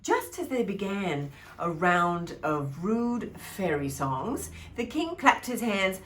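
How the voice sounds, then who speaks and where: Woman reading a storybook to kids, slow pace, lively up-and-down voice, playful. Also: medium pitch, slight background noise. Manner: expressive, playful, showing pictures. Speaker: childcare storyteller. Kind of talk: reading a picture book aloud to children.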